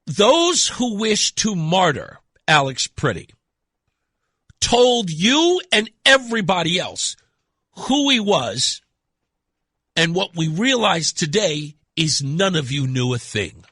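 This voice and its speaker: An American man hosting a radio talk show, his voice hoarse and rough from a cold, talking in an animated, teasing, opinionated way. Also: takes it slowly, dry recording. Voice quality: deep rough voice. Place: radio studio. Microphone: studio microphone.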